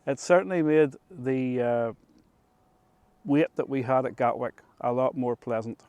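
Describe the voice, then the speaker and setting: A middle-aged man with a Northern Irish accent telling a story to camera in an unhurried, chatty way, often restarting his phrases. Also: medium pitch, mellow, no echo, lo-fi sound. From Northern Ireland. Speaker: vlogger. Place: rooftop of an old control tower, outdoors.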